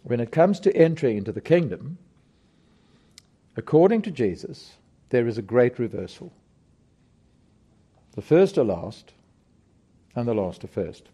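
Slow, mellow-voiced male preacher. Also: mid-range voice, very animated, husky, lo-fi sound. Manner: slow, emphatic, rhetorical questions to the congregation. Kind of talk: sermon.

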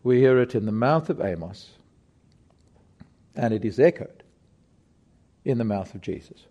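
A middle-aged man preaching a sermon, emphatic and deliberate, putting rhetorical questions to his congregation. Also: medium pitch, animated, warm tone.

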